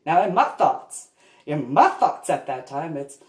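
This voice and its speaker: Woman, unscripted parent monologue. Slow, deliberate, emphatic delivery with a lively pitch. Recorded in an echoey room. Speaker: parent telling her story.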